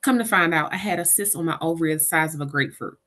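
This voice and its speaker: Speaking quickly in a low-pitched voice, a middle-aged interview guest recounts her own caregiving story. She tells it animatedly, taking on the voices of the people involved.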